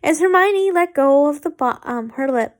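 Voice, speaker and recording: A woman's voice: high voice, animated, moderate pace. A woman reading fan fiction aloud, stumbling and correcting herself, with chatty asides.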